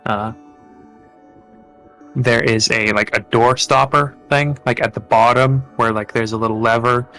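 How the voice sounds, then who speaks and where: A man narrating as game master in a tabletop game, halting often with fillers and restarts. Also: medium pitch, steady tone, vocal fry, pushed and bright, faint music behind.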